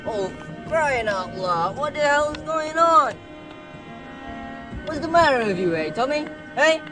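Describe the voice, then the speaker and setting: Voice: high voice, lively intonation, a little slow. A performer voicing a brash, swaggering male gangster who blusters, sneers and swears a lot. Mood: ranting. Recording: music clearly underneath.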